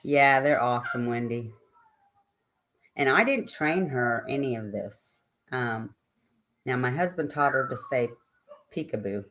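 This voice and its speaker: A woman's voice: rumbling low, a little slow, a bit bright. An older woman hosting a live stream, chatting casually and ramblingly with her viewers and answering their comments.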